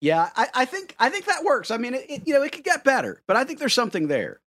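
Animated, playful male podcast host. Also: very high-pitched, quick pace, no room sound. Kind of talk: casual chat.

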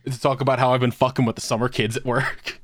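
A man's voice: mid-range voice, flat delivery, quick pace, no room sound, studio quality. A man co-hosting a podcast, telling crude prank stories in a casual, laughing way. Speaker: podcast co-host. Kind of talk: casual storytelling.

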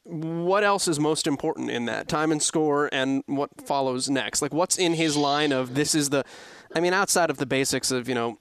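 A man's voice: a little high, normal speed. A man interviewing a guest, thinking aloud and rephrasing his questions as he goes.

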